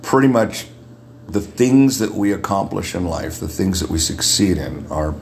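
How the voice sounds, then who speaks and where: A man with a deep radio voice, a guest in a casual podcast chat, who often repeats words as he starts a thought. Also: animated, moderate pace, gravelly, slight background noise. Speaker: guest, makeup artist.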